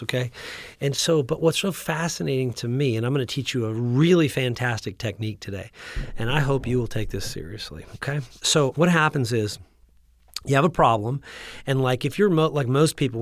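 A man host coaching an audience in an energetic teaching talk, often checking in with his listeners and restarting his sentences. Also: medium pitch, no room sound. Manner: frequent restarts and repeated words. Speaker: practice growth coach and podcast host.

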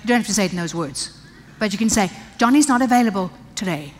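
A woman's voice: medium pitch, animated, quick pace. Older woman, sermon, emphatic, conversational asides, church hall reverb. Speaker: pastor's wife preaching to women.

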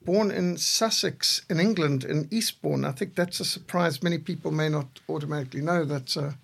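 A man in his sixties, co-host of a podcast, telling measured stories with a dry humor. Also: fairly high pitch, gravelly, a bit bright, breathy edge. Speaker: podcast co-host, missionary leader. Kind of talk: reflective conversation.

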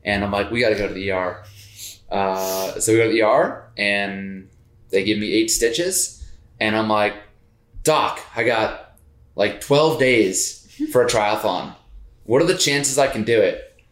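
A man on a podcast, telling a personal story in a casual, animated way and laughing as he goes. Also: fairly low pitch, measured pace. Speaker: podcast co-host. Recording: roomy echo.

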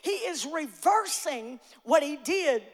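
A woman pastor preaching a sermon with rising fervor, often shouting her emphatic lines, with frequent fillers and repeated starts. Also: sits high, lively intonation, takes it slowly. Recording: long hall reverb.

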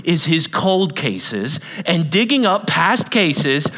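High-voiced preacher in a reverberant hall. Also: male voice, sing-song, slow. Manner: dramatic, shifting from shouts to whispers. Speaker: pastor. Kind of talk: sermon. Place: large hall with an audience.

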